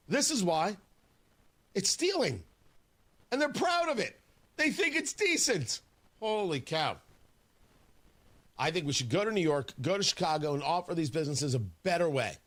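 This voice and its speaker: A male talk radio host delivers a sarcastic, combative monologue straight to his listeners. His voice sits high for a man and swings widely up and down as he drives each point home. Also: fairly bright tone.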